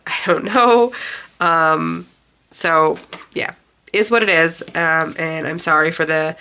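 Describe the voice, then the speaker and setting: Woman with a stuffed-up nasal cold voice, lowish and bright, rambly crafty tutorial chat. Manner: chatty, rambling with fillers. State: congested, sick nasal voice. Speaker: craft channel host. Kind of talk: casual craft tutorial narration.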